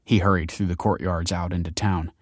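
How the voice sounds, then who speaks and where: A man narrating an audiobook in a steady, measured way. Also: low voice, no room sound, studio quality.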